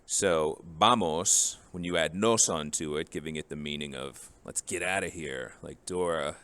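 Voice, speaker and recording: A man's voice: extremely low pitch, steady tone, moderate pace, fairly bright tone, clean tone, dry recording. A man teaching a recorded Spanish grammar lesson in a casual, joking way, drilling forms one by one.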